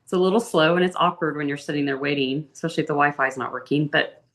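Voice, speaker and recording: A woman with a very low, deep speaking voice tells her travel stories in a casual interview. She is chatty and animated, her pitch jumping up when something delights her. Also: rapid-fire. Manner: chatty, animated storytelling with big pitch lifts. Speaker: interview guest.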